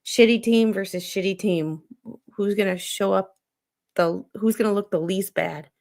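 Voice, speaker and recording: Gravelly-voiced woman ranting about football. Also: mid-range voice, normal speed, darkish tone. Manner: rambling and exasperated, swears freely. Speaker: podcast host. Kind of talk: unfiltered casual rant.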